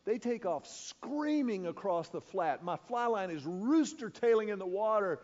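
Animated high-voiced preacher in an echoey hall. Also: male voice, measured pace. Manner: animated, acts out sound effects. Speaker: pastor. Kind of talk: storytelling sermon. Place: large church auditorium. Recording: echoey church hall, dull sound.

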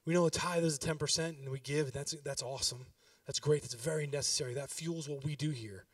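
A man's voice: on the high side, fairly quick, no echo, recorded from a distance. A pastor in his thirties giving a sermon, talking with the congregation and building to emphatic exhortation.

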